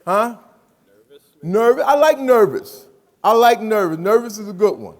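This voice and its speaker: Man, motivational speaker, high voice, lively call-and-response delivery, long hall reverb. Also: a little slow. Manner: animated and emphatic, repeats phrases, asks the audience questions. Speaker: speaker addressing students. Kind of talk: motivational talk to a live audience. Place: large hall.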